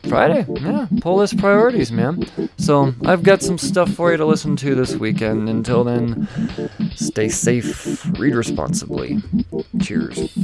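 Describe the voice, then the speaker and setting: A man's voice: mid-range voice, sing-song, measured pace, loud music behind the voice. A man hosting a podcast, rambling through a loose, profane outro full of plugs. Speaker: podcast host.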